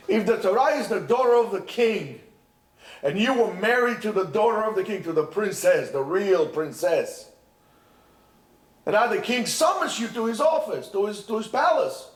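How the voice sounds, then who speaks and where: Animated man teaching with passion. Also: high-pitched, normal speed. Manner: impassioned, repeats himself with many restarts. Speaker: yeshiva teacher. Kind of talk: Torah lesson. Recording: echoey room.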